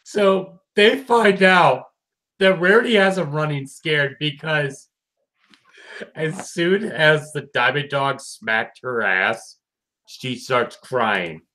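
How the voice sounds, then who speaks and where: A man's voice: a little high, slow pace. A man chatting casually while reviewing a cartoon episode, acting out lines and swearing freely. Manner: animated, swears, acts out lines.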